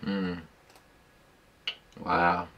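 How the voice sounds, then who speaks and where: A man with a low, deep voice talks through a song in casual reaction commentary. He is laid-back and slangy and thinks aloud with easy fillers. He speaks into a dedicated microphone. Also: monotone, drawn-out words, highs cut off. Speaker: music reaction YouTuber.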